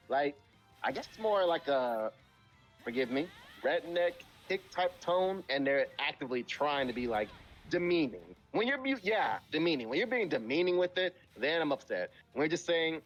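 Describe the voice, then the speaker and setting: Man, live stream chat, blunt and profane, emphatic, very lively intonation. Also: fairly high pitch, moderate pace, faint music behind. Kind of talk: casual chat.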